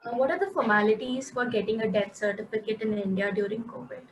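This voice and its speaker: A woman's voice: a little high, quick pace, slight background noise, low-quality recording. Woman posing questions on a video call. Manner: inquisitive, polite questioning. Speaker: host. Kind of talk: moderating a live online Q&A.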